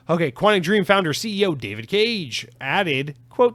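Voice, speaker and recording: A man's voice: sits high, sing-song, unhurried, fairly bright tone, no room sound. A man hosting a solo gaming news podcast in a casual, sarcastic way, swearing freely. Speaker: podcast host.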